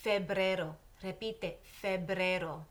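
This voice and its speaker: A woman teaching Spanish to children, patiently saying words and pausing for her class to repeat them, mixing English and Spanish. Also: fairly low pitch, fairly even intonation. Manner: patient, pauses for repetition. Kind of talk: slow drill lesson for children.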